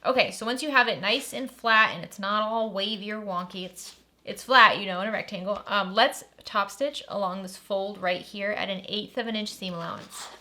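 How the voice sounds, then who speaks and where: Bright-voiced woman teaching a sewing project. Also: medium pitch, steady tone, fairly quick, hardly any pauses. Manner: upbeat and chatty, enthusing over the project. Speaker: sewing tutorial host. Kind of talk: step-by-step sewing tutorial.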